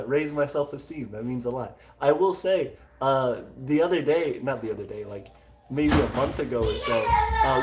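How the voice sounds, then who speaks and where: A man hosting a casual livestream, chatting easily with viewers and thanking them, with lots of fillers. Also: mid-range voice. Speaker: livestream host.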